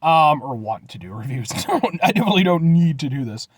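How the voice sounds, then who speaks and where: A man's voice: on the high side, big pitch swings, fast talker, breathy edge, no echo. A man giving a rambling, jokey casual vlog review, often addressing viewers as folks. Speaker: food reviewer.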